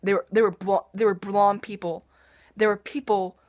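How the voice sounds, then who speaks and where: A woman's voice: mid-range voice, steady tone, moderate pace, a little mellow. A teenage girl telling a long personal story to camera in a rambling, casual way, with sighs and side remarks. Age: teens. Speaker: vlogger.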